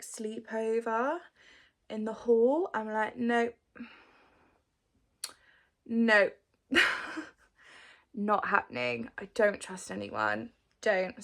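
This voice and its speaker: A chatty woman in her thirties with a gravelly, fry-tinged voice answers her followers' questions. She fills her talk with "like" and now and then slips into a soft whisper. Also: medium pitch. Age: 30s. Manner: chatty, frequent "like" fillers, drops to whispers. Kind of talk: casual chat.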